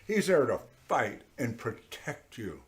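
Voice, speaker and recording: Animated conversational priest, man. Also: medium pitch, takes it slowly. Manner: animated, talks straight to listeners, acts out voices. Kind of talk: conversational sermon. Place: church.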